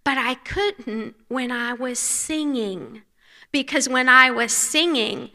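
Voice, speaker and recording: A woman from North Carolina with a Southern accent speaks earnestly at a women's conference, often sinking to a soft hush. Her voice sits fairly high and sounds bright and clear. The long reverb of a large church hall trails after each phrase. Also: slow. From North Carolina, USA. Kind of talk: devotional talk.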